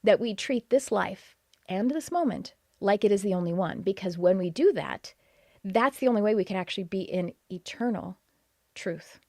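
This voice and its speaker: A woman's voice: medium pitch, expressive, normal speed, a little mellow. A woman from Texas with a Texas accent, hosting a live-streamed podcast, greeting viewers and talking about her courses with enthusiasm. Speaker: podcast host.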